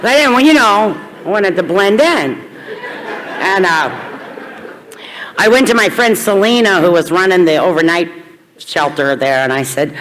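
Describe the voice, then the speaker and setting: A woman's voice: lowish voice, lively intonation, measured pace, long pauses, a bit bright. Woman, middle-aged, frank, self-mocking, personal testimony, long hall echo. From Kentucky. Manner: candid, blunt, self-deprecating humor. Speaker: recovery meeting speaker. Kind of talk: personal testimony talk to a crowd. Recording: reverberant hall.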